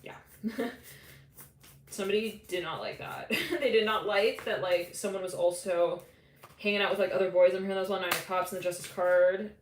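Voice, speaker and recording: A woman talks through a live psychic tarot reading, rambling and filling gaps with "like" as she acts out quick voices. Her voice sits at a middle pitch. The room is echoey, with a faint steady noise underneath. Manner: rambling, many "like" fillers, quotes imagined people, laughs often. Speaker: tarot reader.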